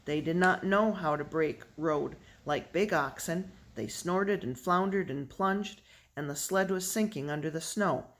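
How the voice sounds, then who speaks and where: Steady audiobook reader. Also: mid-range voice, unhurried. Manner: steady narration, lifting the voice for dialogue. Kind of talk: reading a children's novel aloud.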